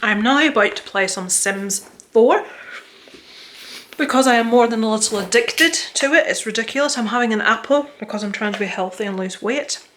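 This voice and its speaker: A woman, chatting casually to a handheld phone camera at home, excitable, sweary and self-deprecating. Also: fairly high pitch, moderate pace, a little hiss or hum. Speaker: vlogger. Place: home, indoors.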